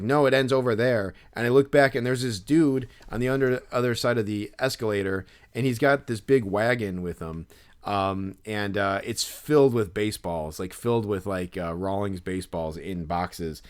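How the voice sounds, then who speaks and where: A man's voice: fairly low pitch, clear, resonant tone. A man co-hosting a podcast, telling a story in a rambling way with many fillers and restarts. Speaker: podcast co-host. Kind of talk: casual storytelling.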